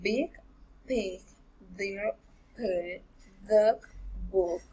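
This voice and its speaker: Woman, reading practice drills, husky voice, very slow, halting, repeats words. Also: medium pitch, mellow, rough recording. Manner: careful, halting reading with repeats and self-corrections. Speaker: pronunciation practice reader. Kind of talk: reading English drills aloud.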